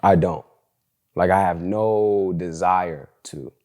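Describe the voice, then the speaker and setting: A man's voice: low-pitched, slow, darkish tone. A young man hosting a solo podcast, talking casually and candidly in slangy storytelling, with "bro" and "like" all through his speech. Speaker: podcast host.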